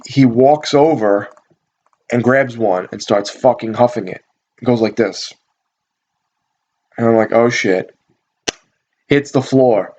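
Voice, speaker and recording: A man's voice: medium pitch, a little mellow. A man hosting a casual storytelling vlog, rambling and swearing in an offhand way. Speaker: channel host. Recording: dull lo-fi recording.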